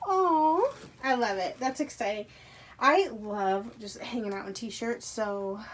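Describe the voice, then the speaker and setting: A fairly high-pitched woman chatting casually as she unboxes items at home. She gushes with excitement and keeps slipping into soft, breathy whispers. A faint hiss sits under the recording. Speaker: unboxing vlogger. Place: carpeted room at home.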